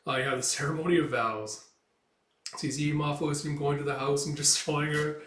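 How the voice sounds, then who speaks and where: A man's voice: fairly high pitch, fairly even intonation, a little fast, fairly bright tone, a little hiss or hum. A man casually reading and retelling a comic, with many fillers. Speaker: comic reviewer. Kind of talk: casual read-through of a comic. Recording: roomy, mic at a distance.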